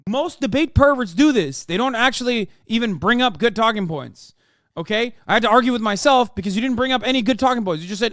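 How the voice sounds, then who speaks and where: Profane, combative male streamer, high voice. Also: lively intonation, fairly quick, no echo, studio quality. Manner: profane, combative, yelling at chat. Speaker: streamer reacting to a political interview. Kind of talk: heated live-stream commentary.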